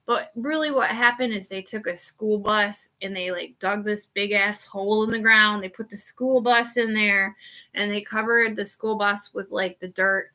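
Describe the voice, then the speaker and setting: A woman's voice: medium pitch, steady tone, moderate pace, bright, forceful tone. A woman hosting a podcast in a casual, rambling chat that keeps wandering off on side remarks. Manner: rambling, chatty, sidetracked. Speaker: podcast host.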